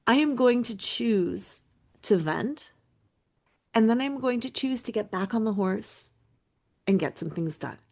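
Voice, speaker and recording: A woman's voice: fairly high pitch, animated, unhurried, long pauses, darkish tone. A middle-aged woman hosting a solo podcast as a recovery coach, talking in an earnest, emphatic way and repeating key phrases.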